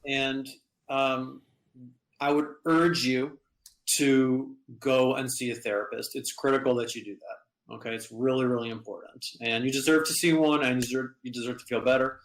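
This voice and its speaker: A man's voice: mid-range voice, fairly bright tone. A male therapist talks on a podcast, earnest and direct, with frank urging advice. His voice carries a roomy echo around it. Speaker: therapist guest. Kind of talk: casual podcast talk.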